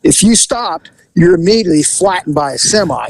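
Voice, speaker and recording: A podcast host spins a story in easygoing chat, slipping into other people's voices and laughing along the way. His voice sits high and gravelly, and the recording is dry and close. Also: fairly quick, no room sound, rough recording. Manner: animated storyteller, acts out voices, laughs often. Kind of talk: casual storytelling.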